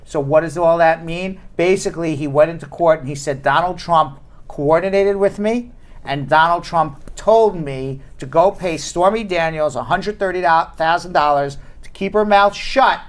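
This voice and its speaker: A man hosting a live talk show, telling stories in an animated, chatty way with quick asides. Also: on the high side. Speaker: host. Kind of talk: casual talk show banter.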